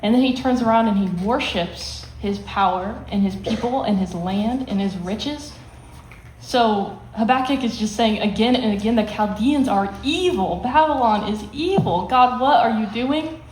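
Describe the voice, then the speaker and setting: A woman's voice: mid-range voice, moderate pace, darkish tone. Woman, youth Bible teacher, plain explanatory delivery, reverberant room with faint hiss. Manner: explains plainly, acts out quotes with emphasis. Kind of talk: teaching a Bible lesson to students.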